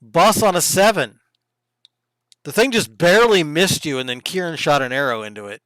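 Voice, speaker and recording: A man running a tabletop game as game master, narrating combat in lively detail with the odd hushed aside. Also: a little high, moderate pace, no echo, poor audio.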